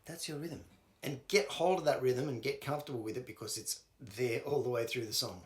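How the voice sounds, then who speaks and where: Speaking briskly in a mid-range voice, an Australian guitar teacher breaks a song down for the listener. As he plays, he counts out and sings the strumming patterns, his loud guitar echoing in a roomy-sounding space.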